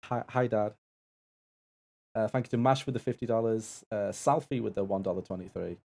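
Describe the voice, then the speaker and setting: Gravelly low-voiced man co-hosting a stream. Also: normal speed, a little mellow. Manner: stammers and restarts, easygoing. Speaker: co-host and assistant of a stream event. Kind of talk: casual live stream banter.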